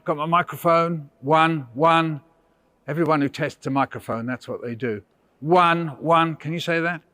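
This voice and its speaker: A man's voice: fairly high pitch, fairly bright tone. An older English man leading a school workshop for small children, playful and coaxing, counting them into call-and-response chants. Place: indoor school room with children.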